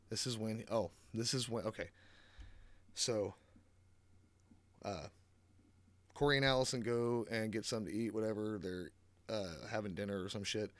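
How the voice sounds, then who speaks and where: A man's voice: fairly low pitch, dry recording. A man giving a casual, rambling movie recap, swearing often, sarcastic and full of fillers, on a close mic. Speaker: movie reviewer.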